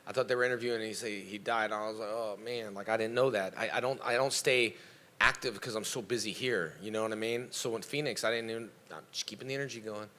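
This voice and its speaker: A man with a bright, forceful voice, speaking as a guest on a convention panel. He answers fan questions like the karate teacher he is, giving motivational advice about self-belief. He switches into animated voices whenever he quotes someone. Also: on the low side, fast talker.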